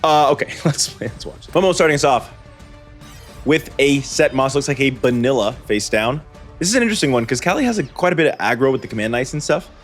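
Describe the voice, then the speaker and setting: A man's voice: medium pitch, expressive, fast talker, soft background music. Rambling male card-game commentator. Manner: rambling, self-correcting, wry asides. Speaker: host and commentator. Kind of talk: gameplay commentary.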